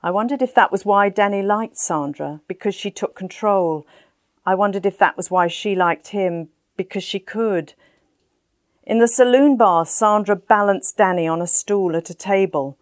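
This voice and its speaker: A woman narrating a first-person story in an even, measured way. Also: medium pitch, no room sound, clean studio sound. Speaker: audiobook narrator.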